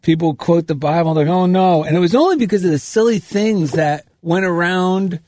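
A man with a notably high voice co-hosts a spiritual radio talk show. He recounts everyday stories in an upbeat, earnest manner. His voice is recorded close and dry in the studio. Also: a little fast, no room sound. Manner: animated storyteller, upbeat and earnest. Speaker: radio co-host. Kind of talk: casual spiritual radio chat.

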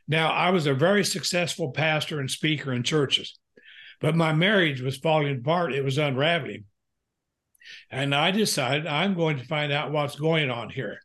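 Older man, interview guest, earnest, halting, many fillers, fairly high pitch. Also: a bit bright. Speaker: guest, pastor and counselor. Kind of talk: candid personal storytelling in a podcast interview.

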